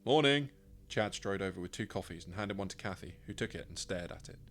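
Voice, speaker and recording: A man with a low voice reads his own story aloud in the first person. His delivery is dry and wry, in steady scripted narration. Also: fast talker.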